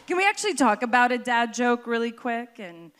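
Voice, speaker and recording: Brash high-voiced woman co-host, late thirties, live show storyteller. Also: a little fast, slight background noise. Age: late 30s. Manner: animated storytelling with swearing. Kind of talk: live-show casual chat.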